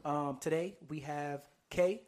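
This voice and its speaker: A man's voice: on the high side, slow pace, darkish tone. A man from Chicago hosting a casual podcast, talking in a laid-back, loose way and laughing with his friends. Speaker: podcast host.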